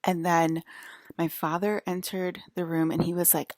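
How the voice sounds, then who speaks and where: A woman's voice: on the low side, flat delivery, normal speed, no room sound, clean studio sound. A young woman vlogger telling a long personal story in a rambling, casual way, swearing and laughing as she goes. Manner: rambling, full of fillers and swearing, laughing often.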